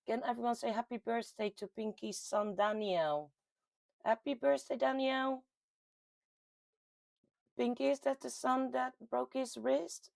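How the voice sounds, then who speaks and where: A woman from the Netherlands with a Dutch accent hosts a casual livestream, reading out viewer comments in a chatty, giggly way with sudden lively jumps in pitch. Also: vocal fry, no room sound. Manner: chatty and giggly, with frequent laughs and ums. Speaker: host of a paranormal community livestream.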